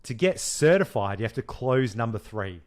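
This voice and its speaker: A man's voice: mid-range voice, very animated, moderate pace. A young man holds forth on a casual podcast in an ordinary mid-range voice. He is blunt and swears freely. He tells stories with animation and ribs his co-host. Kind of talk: casual chat.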